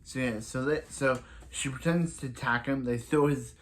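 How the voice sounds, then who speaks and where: A man casually recapping a TV episode, rambling with lots of restarts and acting out characters' lines in quick asides. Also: mid-range voice, slight background noise. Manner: rambling, full of restarts and "so yeah". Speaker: TV episode reviewer.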